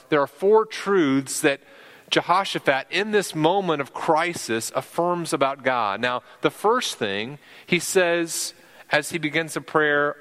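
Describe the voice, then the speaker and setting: A man's voice: medium pitch, fairly bright tone, long reverb tail. A male pastor preaching a sermon, earnest and often repeating words as he works through a point.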